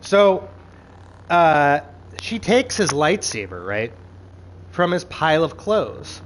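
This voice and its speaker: Animated, exasperated man ranting casually. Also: fairly high pitch, slow, slight background noise, low-quality recording. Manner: animated, profane, exasperated rants with quoted asides. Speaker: show reviewer. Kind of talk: casual recap commentary.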